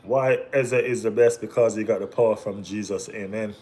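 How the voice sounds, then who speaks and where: A Jamaican man hosting a casual football watch-along stream, bantering with viewers in relaxed Caribbean slang. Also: lowish voice, moderate pace. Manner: laid-back banter with Caribbean slang, bursts of excited teasing. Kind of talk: casual live-stream chat reading viewer comments.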